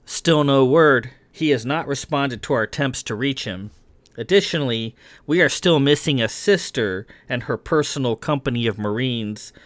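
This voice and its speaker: A man reading aloud, voicing a calm ship's comm system that reports in slow, flat sentences. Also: medium pitch, no room sound, close to an everyday voice.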